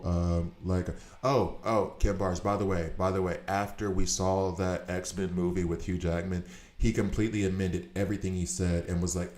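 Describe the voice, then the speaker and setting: Deep-voiced man telling animated stories. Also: moderate pace. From United States. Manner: animated storyteller, rambling tangents. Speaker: gaming streamer. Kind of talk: casual chat while gaming. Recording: echoey room.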